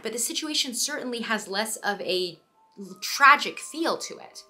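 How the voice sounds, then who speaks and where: A young woman hosting a scripted video essay, animated and playful, with quick asides to the viewer. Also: fairly high pitch, soft background music.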